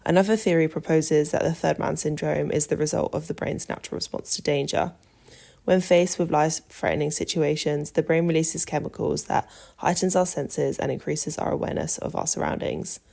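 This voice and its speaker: A woman hosting a podcast, reading a script calmly and adding her own asides. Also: sits low, brisk, vocal fry. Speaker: podcast host.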